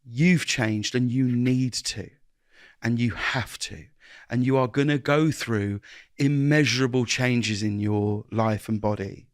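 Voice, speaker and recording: An earnest man in his forties talks reflectively in a dry, close-miked studio, his pitch sitting in an ordinary middle register. He trips over restarts, circles back to what he means, and slips into acting out bits of dialogue as he goes. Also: slow pace, no room sound. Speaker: guest. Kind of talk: reflective interview conversation.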